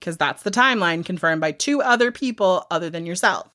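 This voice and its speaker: A woman co-hosting a casual true crime podcast, telling the case in an animated way, swearing freely and acting out what people said. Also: on the low side, brisk, no room sound, studio quality. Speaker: podcast co-host.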